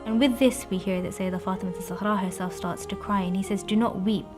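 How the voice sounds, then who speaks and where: A woman's voice: medium pitch, steady tone, quick pace. A woman recounting religious history for a documentary, thoughtful and given to restarts. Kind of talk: documentary storytelling. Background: background music.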